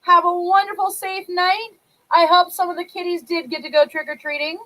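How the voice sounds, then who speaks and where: Young female co-host, high-pitched, easy casual chatter with comment read-outs. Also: level tone, normal speed, bright, forceful tone, low-quality recording. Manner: chatty, reading out viewer comments. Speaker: podcast co-host. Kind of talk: casual chat.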